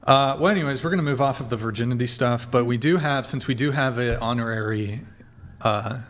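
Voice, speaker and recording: Male host with halting speech. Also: medium pitch. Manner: halting, filler-heavy talk. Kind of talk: casual panel chat.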